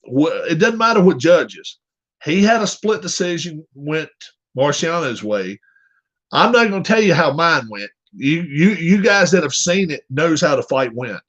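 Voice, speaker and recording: A man's voice: a little high, big pitch swings, moderate pace, a bit bright. A man chatting casually with his viewers, rambling and joking as he reads their comments aloud. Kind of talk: casual chat. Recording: dull lo-fi recording.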